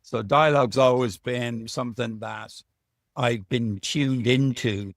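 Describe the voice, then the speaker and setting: Irish male author, mid-pitch, chatty storyteller, dry recording. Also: fairly even intonation, unhurried, no room sound. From Ireland. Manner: chatty, anecdotal, self-deprecating. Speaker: author guest. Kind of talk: relaxed storytelling interview. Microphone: video call.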